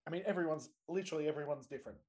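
A man, hosting a podcast and asking questions in a joking, warm way in casual conversation. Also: on the high side, very fast. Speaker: podcast host.

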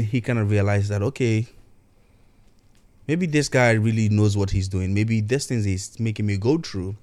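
Male storyteller, lowish voice, dry close sound, chatty and animated. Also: no echo. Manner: animated retelling, acts out quoted voices, frequent "you know". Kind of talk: casual storytelling monologue.

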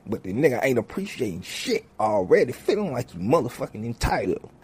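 This man's mid-range, slightly rough voice moves fairly quickly through a comic tale thick with swearing. Animated throughout, he performs each character as the story unfolds.

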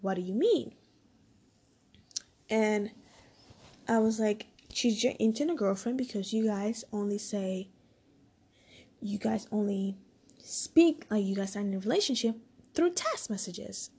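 Mellow, husky-voiced woman telling a story. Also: medium pitch, a little slow. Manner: rambling, full of "like" and "I was like" quotes. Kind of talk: casual storytime monologue.

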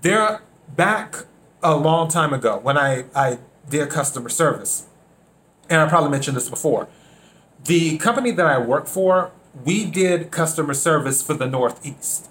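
A man from South Carolina hosting a reflective solo podcast, unhurried, repeating his phrases and acting out bits of dialogue. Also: fairly high pitch, expressive, fairly bright tone. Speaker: podcast host.

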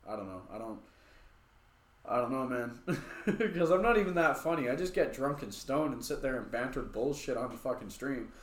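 A man's voice: mid-range voice, lively intonation, moderate pace, reverberant. A man co-hosting a podcast, telling long stories in casual, profane chat. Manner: profane, rambling storytelling. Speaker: podcast co-host.

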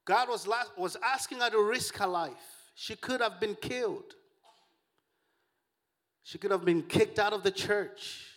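Pastor, male, high-pitched voice, lively joking sermon delivery. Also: measured pace. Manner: animated, joking preacher who calls out to the congregation.

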